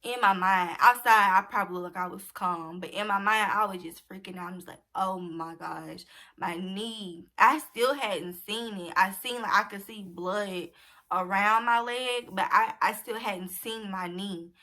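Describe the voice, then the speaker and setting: A young woman casually telling a personal story to her viewers, animated and acting out the dialogue. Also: mid-range voice, moderate pace. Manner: animated, acts out quoted dialogue.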